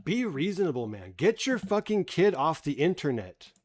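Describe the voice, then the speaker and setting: A man's voice: fairly high pitch, very animated, normal speed. A man ranting bluntly and profanely in casual livestream commentary. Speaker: streamer.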